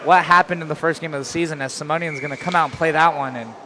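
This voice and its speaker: A man's voice: a little high, steady tone, rapid-fire, noisy background. A man calling play-by-play for an amateur hockey game, chatting loosely between plays and snapping into shot calls. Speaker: play-by-play announcer.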